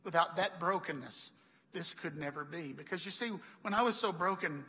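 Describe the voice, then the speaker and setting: A man's voice: on the high side, moderate pace, bright, forceful tone, long reverb tail. A man preaching a sermon, a chatty storyteller who laughs often and acts out the people he quotes. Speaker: pastor. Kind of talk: sermon with personal stories. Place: church hall.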